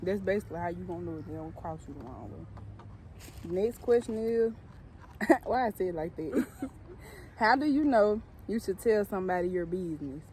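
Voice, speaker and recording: A young woman co-hosting a casual chat outdoors, excitable and given to loud high bursts. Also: moderate pace, slight background noise. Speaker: co-host.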